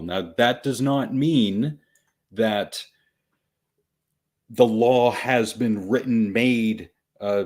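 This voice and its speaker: A podcast host with a mid-range, darkish voice walks listeners through a news story step by step in casual commentary. He is wry and patient, explaining slowly and deliberately.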